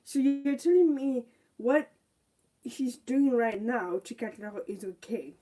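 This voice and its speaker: A woman's voice: on the high side, unhurried, dark tone. A young woman giving a live review of a TV show, ranting indignantly and firing off rhetorical questions.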